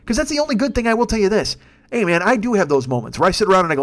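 A man's voice: high-pitched, lively intonation, very fast. A man in his fifties hosting a podcast, ranting alone with heavy swearing. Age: 50s. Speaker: podcast host. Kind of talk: solo ranting monologue.

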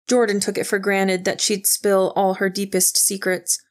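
A woman reading a novel aloud in steady, even storytelling narration. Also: mid-range voice, normal speed, hardly any pauses. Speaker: audiobook narrator. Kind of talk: scripted narration.

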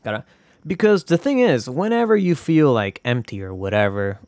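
A man's voice: mid-range voice, expressive, normal speed, darkish tone, no room sound. A man hosting his own podcast, talking in a rambling, casual way with lots of swearing and jokey asides. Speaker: podcast host. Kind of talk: casual solo podcast monologue.

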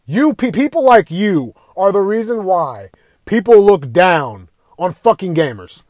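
High-voiced man in a heated, swearing rant. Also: big pitch swings, moderate pace, darkish tone, no room sound. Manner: heated, swearing constantly, raising voice at times. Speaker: video ranter. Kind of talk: angry profane rant.

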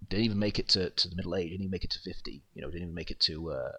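A man with a lowish voice gives a loose, heartfelt spoken tribute. He wanders from story to story, often dropping to a quiet trail at the ends of his thoughts. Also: very fast, slightly rough. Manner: rambling storyteller, trails off softly. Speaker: creator of an online wrestling show.

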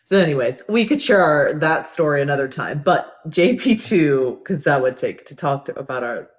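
Woman cohosting a podcast, chatty and animated, laughs a lot, does little voices when she quotes people. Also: low-pitched, moderate pace. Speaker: podcast co-host. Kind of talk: casual chat.

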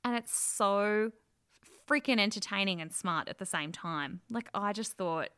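A woman's voice: mid-range voice, unhurried, sharp tone, clear, resonant tone. A woman co-hosting a casual film review chat, gushing with enthusiasm and acting out scenes as she retells them.

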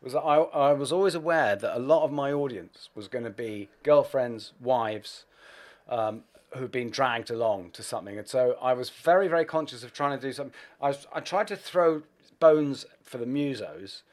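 A man's voice: mid-range voice, moderate pace. A man talking as a guest in a casual chat, wry and self-deprecating as he tells stories.

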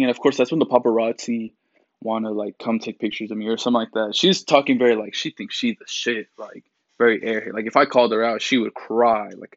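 A young man rants in a loose, casual commentary style, blunt and profane, with lots of "like" and "um" and mocking impressions of others. His voice sits at a middle pitch. The mic sounds dry and a little dull, with no room around it. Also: dry recording. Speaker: commentary vlogger. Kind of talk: casual rant.

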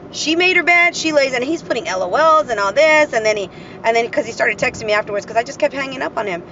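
Woman podcaster, high-ish voice, blunt and swearing, slightly dull audio, faint traffic behind. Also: fast talker. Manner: blunt, swears freely, animated retelling. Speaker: podcast host. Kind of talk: casual venting monologue.

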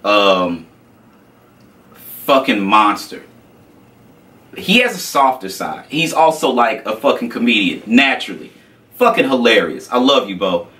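Profane animated male storyteller. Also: mid-range voice, measured pace, pauses often, distant mic, rough recording. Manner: animated, profane, acts out quotes. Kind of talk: casual storytelling.

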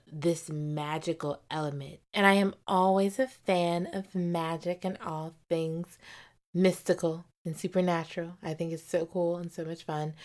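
Woman book vlogger, lowish voice, effusive and animated, slips into whispers. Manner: gushing, animated, drops to whispers for emphasis. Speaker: book reviewer. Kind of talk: casual book review vlog.

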